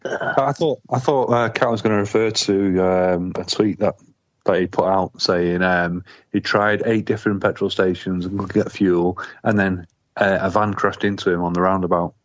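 A man's voice: low-pitched, fairly even intonation, normal speed, lo-fi sound. A man co-hosting a podcast in casual chat, blunt, mocking and sweary. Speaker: podcast co-host.

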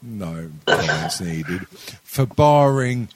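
A young man chatting on a podcast, his pitch swinging all over the place as he rambles. He stumbles through restarts, swears freely and laughs along with his own stories. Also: expressive, extremely slow, slight background noise. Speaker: podcast co-host. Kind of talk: casual sweary chat.

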